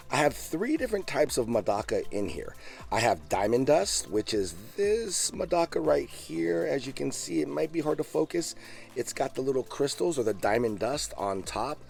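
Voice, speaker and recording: A man vlogging outdoors beside his backyard koi pond, talking casually and eagerly into a handheld phone camera, his voice jumping up on the exciting bits. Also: gravelly. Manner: enthusiastic, chatty, pitch jumps up on exciting points. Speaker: fish keeper vlogger. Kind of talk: casual show-and-tell vlog.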